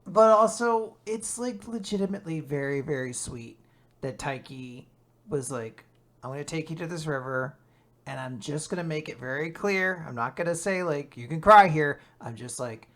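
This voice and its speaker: A podcast co-host reacting casually to a manga chapter, eager and profane, acting out the characters' dialogue. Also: medium pitch. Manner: enthusiastic, swears casually, acts out dialogue.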